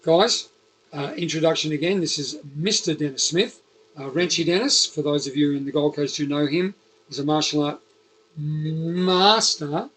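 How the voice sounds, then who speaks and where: A man with a Liverpool accent hosts a relaxed chat, his voice a touch high and husky. He rambles along with plenty of fillers and restarts, keeping things loose. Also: moderate pace, rough recording. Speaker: podcast host. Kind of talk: casual interview chat.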